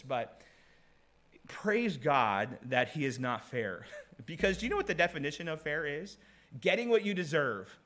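A man's voice: a little high, a bit bright. A man preaching a sermon, earnest and conversational, repeating key phrases, with frequent restarts and short laughs, reading scripture aloud. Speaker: pastor.

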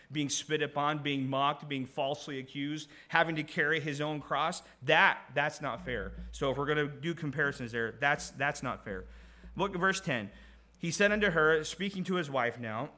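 A man's voice: on the high side, sharp tone. A man preaching a sermon, earnest and conversational, repeating key phrases, with frequent restarts and short laughs, reading scripture aloud. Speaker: pastor.

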